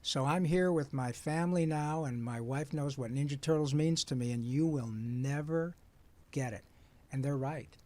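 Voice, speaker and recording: A man in his sixties from Michigan, a voice actor guest telling lively stories in conversation and slipping into playful character voices. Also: on the high side, moderate pace. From Michigan, USA. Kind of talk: animated storytelling in conversation.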